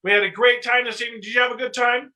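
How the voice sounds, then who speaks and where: A man's voice: very high-pitched, fairly even intonation, very fast, pushed and bright, low-quality recording. A man hosting and closing a livestream, upbeat and full of thanks, with fillers. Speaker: host.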